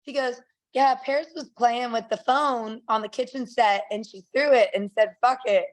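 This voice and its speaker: Lively, blunt woman telling stories. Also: fairly high pitch, moderate pace. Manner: lively, blunt and profane, laughs often; acts out quotes in a raised voice. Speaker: guest, bare-knuckle fighter. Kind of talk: casual podcast chat, animated storytelling.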